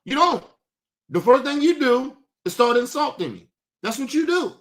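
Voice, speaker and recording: A man's voice: very high-pitched, sing-song, normal speed, fairly bright tone. A man hosting a livestream, delivering a heated, profane rant full of restarts and repeated phrases. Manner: combative, profane, repeats himself. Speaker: livestream host.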